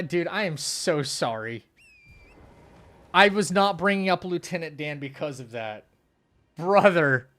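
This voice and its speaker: A man's voice: a little high, fairly bright tone. Rambling young man streaming a game. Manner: rambling, muttering to the game between stories; laughs often while telling stories. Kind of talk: casual live-stream chat.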